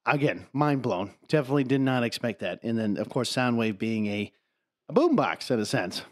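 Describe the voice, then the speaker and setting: Excitable swearing male co-host. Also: mid-range voice, moderate pace. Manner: excitable, swears casually, laughs and jokes. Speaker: podcast co-host. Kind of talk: casual chat.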